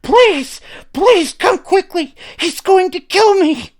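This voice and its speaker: A man voicing a terrified woman frantically pleading for help over the phone, shrill and desperate. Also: expressive, slow pace, full character voice. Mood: frantic pleading.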